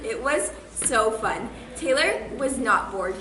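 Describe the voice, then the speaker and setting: Casting: high-voiced teen actress playing a giddy, unhinged teenage girl, bubbly with sudden bursts, echoey stage. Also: animated, slow pace, sharp tone, full character voice. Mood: manic glee. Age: teens. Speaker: student actor. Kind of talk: stage monologue. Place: school theater stage. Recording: echoey stage with background noise.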